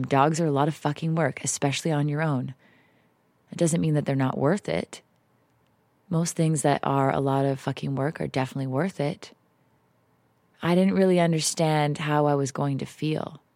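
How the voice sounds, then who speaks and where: A woman's voice: low-pitched, no echo. A woman hosting an unscripted solo podcast from a house in the woods, talking in a confessional, emotional and self-mocking way with some swearing. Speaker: podcast host. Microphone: home setup, popping p's.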